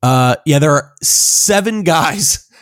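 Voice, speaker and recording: A man's voice: a little high, lively intonation, takes it slowly, fairly bright tone, dry recording, clean studio sound. A man co-hosting a casual podcast, rambling with many fillers and laughing easily. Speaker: podcast co-host.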